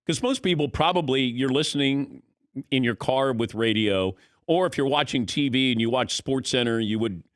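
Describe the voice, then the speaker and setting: A man's voice: mid-range voice, moderate pace, no room sound, clean studio sound. A man hosting a sports talk radio show, telling a story and acting out the dialogue in casual chat. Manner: animated storyteller, acts out dialogue. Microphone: studio microphone.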